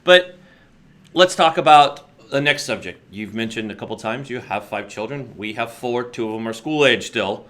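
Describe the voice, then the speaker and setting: Bright-voiced, opinionated middle-aged male host. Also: mid-range voice, animated, moderate pace. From United States. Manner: opinionated, rambling, joking asides. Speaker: podcast host. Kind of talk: casual interview chat.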